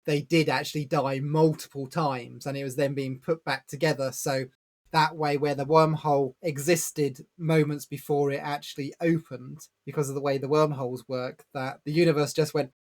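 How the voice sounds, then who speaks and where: A man with a voice a little higher than most, talking through a book in a relaxed podcast chat. He explains at length and drops small laughs as he goes. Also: moderate pace. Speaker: podcast co-host. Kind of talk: casual book-review chat.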